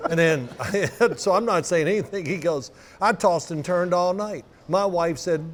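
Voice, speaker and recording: A man in his sixties telling stories in a roundtable chat, animated and acting out quotes with laughs. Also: sits high, unhurried. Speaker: former quarterback.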